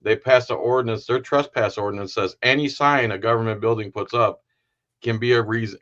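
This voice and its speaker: A man's voice: medium pitch, fast, a bit bright. A man from Florida hosting an interview, telling his own story in a blunt and emphatic way. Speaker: host. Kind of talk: casual interview chat. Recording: dull, lo-fi stream audio.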